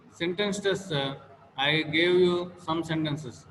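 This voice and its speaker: A man's voice: fairly high pitch, slow pace, fairly bright tone. A man giving a classroom lecture as a teacher, repeating each example several times to model stress and intonation. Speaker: English teacher. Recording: long classroom reverb, faint noise.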